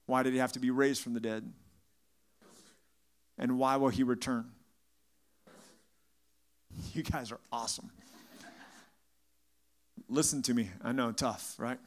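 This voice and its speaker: A man pastor preaching a sermon to a congregation, firing off rhetorical questions and acting out the voices of the crowd. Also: mid-range voice. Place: church sanctuary.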